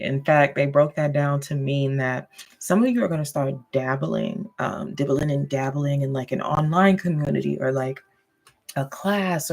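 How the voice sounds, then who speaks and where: A woman's voice: low-pitched, creaky, a little mellow. A woman giving a casual, goofy tarot and astrology reading, laughing often and checking in with listeners. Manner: addresses listeners directly, checking in with "okay?".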